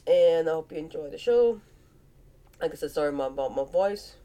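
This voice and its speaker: Stuffy-nosed cajun lady chatting football picks, mellow kinda dark voice, goofy. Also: sits low, lively intonation, normal speed. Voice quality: nasal. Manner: chatty, playful, with animal noises. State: congested, sinus-stuffy. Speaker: vlog host. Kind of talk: casual football picks vlog.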